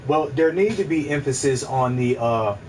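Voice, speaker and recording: A man hosting a casual livestream, musing out loud in a rambling, profane way, repeating himself and answering his chat. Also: mid-range voice, expressive, moderate pace, distant mic, slight background noise, poor audio. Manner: rambling, profane, repeats himself, asks listeners if they follow. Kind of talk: casual philosophical monologue.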